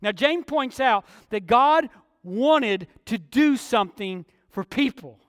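A male pastor delivers an emphatic sermon in a strikingly high voice, leaning hard on key words and slipping into quieter asides. The mic sits close and dry, yet a long reverb trails off through the sanctuary. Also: lively intonation, slow.

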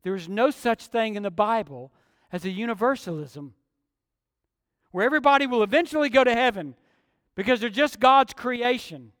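A man preaching a sermon as pastor, emphatic and deliberate, dropping to quieter asides. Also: extremely high pitch, lively intonation, no room sound, clean studio sound, long reverb tail.

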